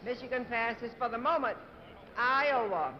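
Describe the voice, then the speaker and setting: A woman's voice: a little high, unhurried. A woman chairing a convention roll call, formally calling out states and reading each vote back. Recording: muffled old TV broadcast, faint hiss.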